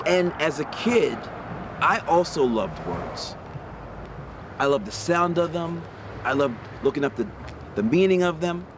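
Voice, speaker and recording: A man reads a picture book aloud to children, taking his time over each word and stopping to ask them questions. He sits outdoors in a park on a windy day, with faint street noise and passing cars behind him. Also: a little high. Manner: slow, lively read-aloud with questions to young listeners. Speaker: storybook reader for children. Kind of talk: read-aloud storytelling.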